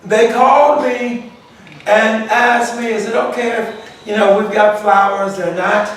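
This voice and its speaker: A male pastor leads a Bible study, retelling conversations in a folksy, animated way. His voice sits high for a man. He is heard from a distance in a very echoey church room. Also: a little slow. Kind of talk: Bible study talk with storytelling.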